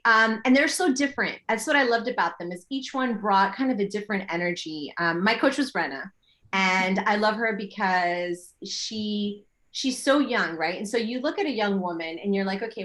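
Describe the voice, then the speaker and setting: A middle-aged woman, a yoga teacher, chatting as an interview guest and telling animated stories full of her own remembered thoughts. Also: mid-range voice. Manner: animated storytelling with quoted inner thoughts. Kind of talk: casual interview chat.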